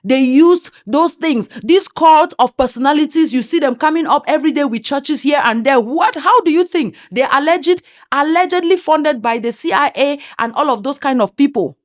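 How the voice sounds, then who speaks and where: A woman's voice: high voice, lively intonation, normal speed, hardly any pauses. A woman with an African accent giving an opinionated commentary monologue, emphatic and full of rhetorical questions. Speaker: online commentator.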